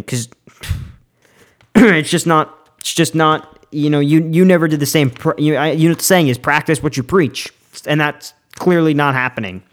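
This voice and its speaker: A man's voice: fairly high pitch, moderate pace. A young man hosting a sports podcast, ranting heatedly about a player and then giving his game picks in a casual, opinionated way, often restarting his sentences. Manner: heated, fired up, repeats himself and restarts often.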